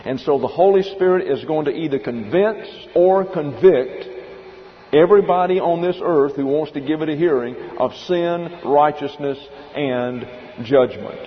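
A pastor preaching verse by verse, stopping to explain the Greek behind the words and telling listeners to note them down. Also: male voice, a little high, moderate pace. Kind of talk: expository sermon. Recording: dull lo-fi recording in a reverberant hall.

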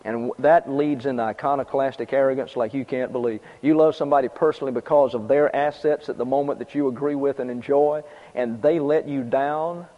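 A man's voice: medium pitch, steady tone, brisk, few pauses. A man preaching a sermon in a conversational way, repeating his points and adding casual asides. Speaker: pastor. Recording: dull lo-fi sound with long reverb.

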